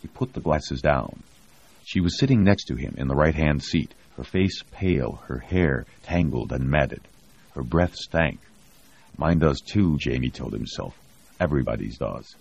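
A male audiobook narrator with a very deep, husky voice who tells the story steadily and evenly. The recording is muffled and lo-fi. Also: expressive, a little slow. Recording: dull lo-fi audio.

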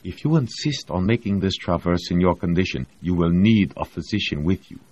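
A man voicing a stern, no-nonsense doctor who speaks firmly and in measured sentences, on a dull lo-fi recording. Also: sits low, a little mellow. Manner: firm, measured.

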